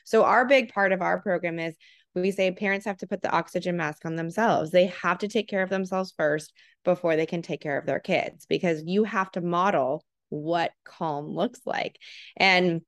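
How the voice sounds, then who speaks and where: A woman's voice: on the low side, normal speed, no room sound, clean studio sound. A woman in her thirties, a parenting program co-founder, talking earnestly in a casual podcast conversation and acting out the voices she quotes.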